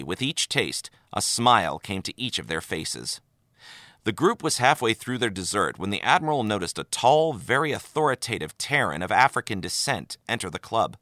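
A man narrating a story aloud in an expressive, animated way. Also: fairly low pitch, no room sound, clean studio sound. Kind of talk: audiobook narration of fan fiction.

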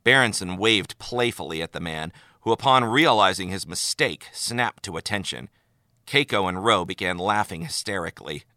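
A male narrator reading a story with lively, expressive delivery. His voice is lowish but bright, recorded close and dry. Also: normal speed, no room sound. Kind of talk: audiobook narration of fan fiction.

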